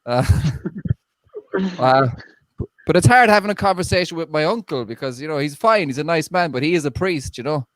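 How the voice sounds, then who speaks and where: A man's voice: a little high, expressive, normal speed, no room sound. A young man doing a stand-up set on a video call, rambling and self-deprecating with stammering restarts. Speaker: stand-up comedian. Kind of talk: online stand-up set and casual chat.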